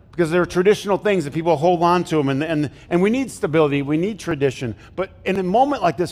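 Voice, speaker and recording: Middle-aged guy preaching, slightly high voice, jokey, keeps asking the crowd stuff, long echoey church reverb. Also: darkish tone. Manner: conversational, jokey, asks the congregation questions. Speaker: pastor. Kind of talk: sermon.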